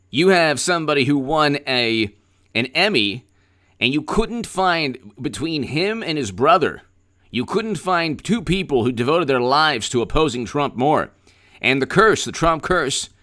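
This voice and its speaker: A man's voice: on the high side, lively intonation, slow, fairly bright tone. A man hosting a political commentary livestream, talking in a sarcastic, rambling way with stammered repeats.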